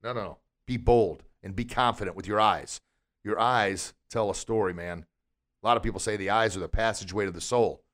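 This martial arts instructor's podcast is a fairly quick, energetic motivational talk delivered in a voice on the low side. He keeps asking his listeners rhetorical questions.

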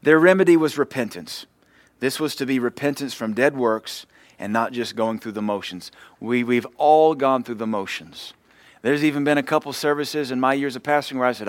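A man's voice: mid-range voice, fairly quick, no room sound. Folksy preaching man, dry sound. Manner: folksy, joking preaching with acted quotes. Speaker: pastor. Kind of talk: sermon.

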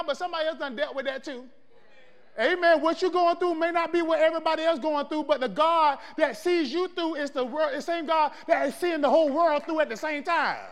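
A man with a very high voice preaches a sermon, calling out to the congregation and asking them for answers. His delivery swings from shouting to hushed, and a long reverb hangs behind every word.

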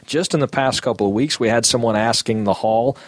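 A man hosting a casual podcast chat, talking in a halting way with many fillers as he reads out listener comments. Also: mid-range voice, dry recording. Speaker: podcast host.

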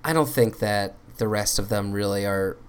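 A man's voice: lowish voice, normal speed, smooth. Male podcast co-host, dry and sarcastic, casual and offhand. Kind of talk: casual chat.

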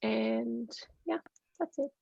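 A woman's voice: fairly high pitch, slow, gravelly, warm tone, dry recording, muffled recording. A woman from Australia, chatting casually and easygoing as a podcast guest. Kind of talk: casual chat.

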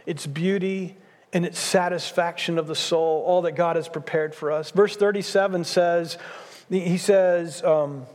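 A man in his sixties preaching a sermon, his voice riding high for a man and pressing hard on each point he repeats. The sound rolls out into a large church hall with a long, lingering reverb. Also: fairly even intonation, moderate pace, a little mellow. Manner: emphatic preaching, repeats key phrases. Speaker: pastor.

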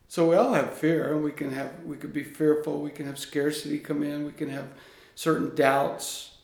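Earnest gravelly man in an echoey room. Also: on the high side. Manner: earnest, animated storytelling. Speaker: interview guest, coach. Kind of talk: conversational interview.

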